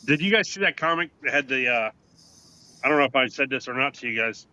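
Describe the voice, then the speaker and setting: A man's voice: medium pitch, lively intonation, quick pace, bright, forceful tone, poor audio. A man joking around in casual chat among friends, telling crude, profane, rambling anecdotes. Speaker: podcast co-host.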